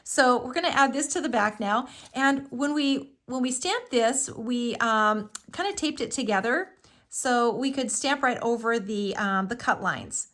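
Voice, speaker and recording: A woman with a fairly high, slightly bright voice hosts a live craft tutorial at an unhurried pace. She walks through each step chatty and enthusiastic, using frequent fillers.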